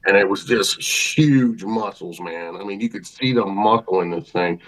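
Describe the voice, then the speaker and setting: A man's voice: deep voice, moderate pace, fairly bright tone, rough recording. A man, a podcast guest, telling a story in a casual, folksy way with colloquial grammar and vivid detail.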